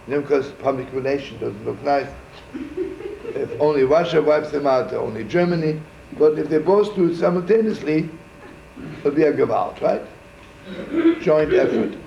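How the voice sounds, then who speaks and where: Here a rabbi's voice sits fairly high, gravelly yet mellow, at a normal speed, with a little hiss or hum in the background. He tells his story informally and digressively, using Yiddish words and frequently asking "right?" It's an archival room recording, echoey and muffled.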